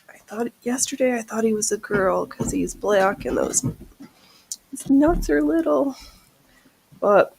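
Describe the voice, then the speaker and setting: A woman's voice: lively intonation, a little slow, gravelly, long pauses, darkish tone, slight background noise, poor audio. A woman hosting a casual sewing stream, chatting and joking about herself as she stitches. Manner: chatty, self-mocking, talks to her cat in a high baby voice. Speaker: channel host. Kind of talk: casual sewing livestream chat.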